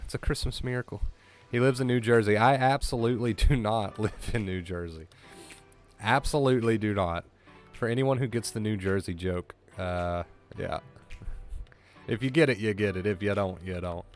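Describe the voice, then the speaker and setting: Male streamer, lower register, casual and emotional, voice cracking with gratitude. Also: moderate pace, faint music behind. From US East Coast. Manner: emotional, effusive thanks to viewers. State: voice breaking with emotion. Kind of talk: casual live-stream chat.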